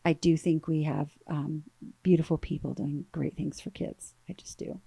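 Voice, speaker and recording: A woman's voice: low voice, level tone, vocal fry, warm tone, breathy edge, dry recording. Earnest woman telling her story. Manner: earnest, halting with repeated words. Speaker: guest. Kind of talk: emotional personal storytelling.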